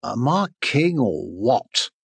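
A man's voice: mid-range voice, sing-song, slow, gravelly, slightly rough, no room sound, heavily acted. A man doing a menacing bullying lion king. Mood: gloating.

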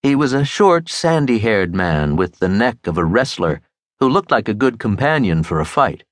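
Lively male audiobook narrator. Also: fairly low pitch, normal speed, no room sound. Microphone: close studio mic.

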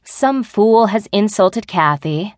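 A woman's voice: medium pitch, expressive, takes it slowly, dry recording, clean studio sound, pitched above the performer's own voice. A woman narrator voicing Anna, a blunt and chatty woman office friend, in an audiobook.

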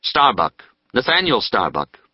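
A man's voice: on the low side, big pitch swings, measured pace, breathy edge, no room sound, dull audio, pitched above the performer's own voice, heavily acted. A man voicing a guarded young male college student, speaking in clipped replies.

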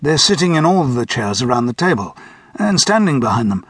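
A man voicing a confused, wary banker in his fifties who calmly describes things no one else sees. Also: mid-range voice, a little fast, slightly rough, dry recording, studio quality. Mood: bewildered. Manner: puzzled, wary, matter-of-fact. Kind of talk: audiobook character voice.

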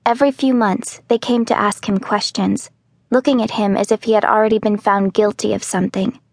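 Calm woman narrating a children's novel. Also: medium pitch, a little fast, gravelly. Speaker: audiobook narrator. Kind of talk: scripted narration.

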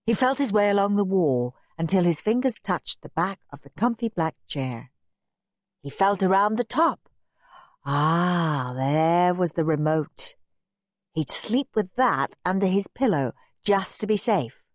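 A woman reading a children's storybook aloud, expressive and playful. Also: fairly low pitch, unhurried, no echo, clean studio sound. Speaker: audiobook narrator. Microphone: close studio mic.

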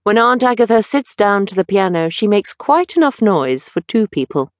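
A woman voicing a witty, languid aristocratic gentleman with a drawling, teasing manner. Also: medium pitch, very animated, moderate pace, dry recording, clean studio sound, voice pushed up, lightly acted. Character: languid witty older aristocrat, mildly mocking.

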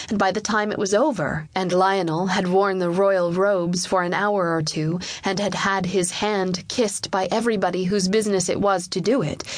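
A woman narrating a children's storybook in a slow, storyteller-like way. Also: medium pitch, no room sound. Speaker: audiobook narrator.

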